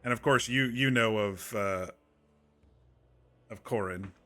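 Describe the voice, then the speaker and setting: A man's voice: lowish voice, slow pace, sharp tone. A man streaming a game, chatting casually to viewers in a soothing, rambling way with many restarts.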